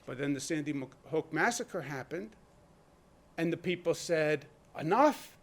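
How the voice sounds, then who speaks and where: A man's voice: a little high, normal speed. A man speaking as a state governor in a public briefing, blunt and emphatic, driving his points home with rhetorical questions. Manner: blunt, conversational.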